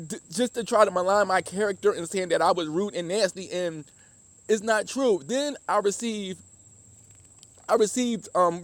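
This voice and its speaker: A Southern man speaks in a high, earnest voice, giving personal testimony and often restarting his sentences. The sound is dry and close. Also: dry recording. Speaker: former deli worker giving testimony.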